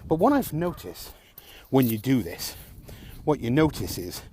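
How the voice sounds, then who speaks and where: A man's voice: mid-range voice, big pitch swings, a little slow, darkish tone, slight background noise. A man talking alone to camera in a frustrated, sarcastic rant, swearing often. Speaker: vlogger. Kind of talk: ranting vlog monologue.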